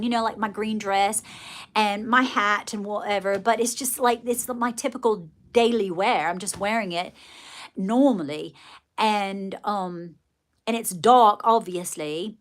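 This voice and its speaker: A woman livestreaming, chatting straight to her viewers in a loose, rambling way. Her voice sits a little high, and she keeps circling back with fillers and restarts as she tells her story. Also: a bit bright. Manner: folksy, addresses viewers directly. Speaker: live streamer. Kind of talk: casual live-stream storytelling.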